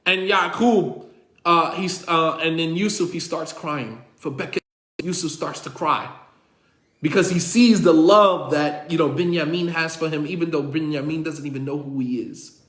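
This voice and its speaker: Guy with a pretty high voice telling a religious story, repeats stuff for emphasis, roomy echo. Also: moderate pace, fairly bright tone. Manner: retells dialogue, repeats lines for emphasis, quotes Arabic. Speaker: religious teacher.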